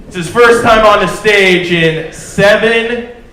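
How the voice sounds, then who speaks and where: A man's voice: high voice, takes it slowly, sharp tone, a little hiss or hum. A male emcee announcing the next comic to a club crowd in a hype announcer manner. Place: comedy club. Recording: distant echoey club mic.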